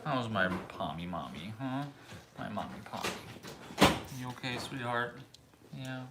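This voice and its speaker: A man chatting casually at home, rambling with fillers and softly baby-talking to the dogs. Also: mid-range voice, sing-song, measured pace, echoey room, very noisy. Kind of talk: casual chat.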